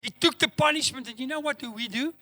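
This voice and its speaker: A man's voice: very high-pitched, fast talker, sharp tone, no room sound. A middle-aged man preaching a sermon as pastor, acting out the dialogue he quotes with rising emphasis. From South Africa.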